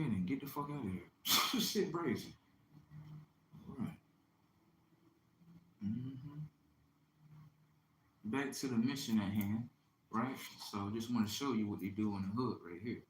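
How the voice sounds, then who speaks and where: A man hosting a livestream, delivering a boastful, taunting, profane monologue that swings between loud outbursts and low mutters. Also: lively intonation, moderate pace, pauses often. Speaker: livestream host. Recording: echoey room with faint ambient noise.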